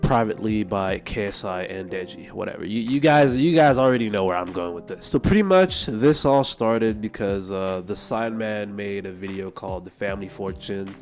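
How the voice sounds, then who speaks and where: A man's voice: fairly low pitch, moderate pace, hardly any pauses, darkish tone, faint music behind. A man hosting a commentary vlog on internet drama, blunt and profane, mocking the people involved. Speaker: YouTube commentary host.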